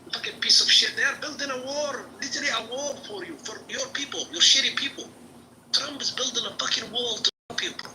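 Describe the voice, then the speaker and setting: A man's voice: very high voice, steady tone, fast talker, background noise. A man calling in as a heckling troll, taunting and insulting in a put-on Indian accent. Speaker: caller.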